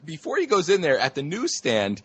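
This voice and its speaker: A man co-hosts a relaxed film review chat with a very lively, swinging pitch. He sounds enthusiastic, agreeing and chuckling as he recounts scenes. The sound is close and dry, with no room around it. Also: fairly quick, husky, no echo. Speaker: podcast co-host. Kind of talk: casual movie review chat.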